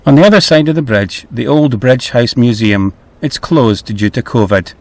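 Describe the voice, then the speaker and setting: A man's voice: mid-range voice, moderate pace, darkish tone, dry recording. A middle-aged man hosting a travel vlog, easygoing and a little hesitant, over faint music. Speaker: vlog host.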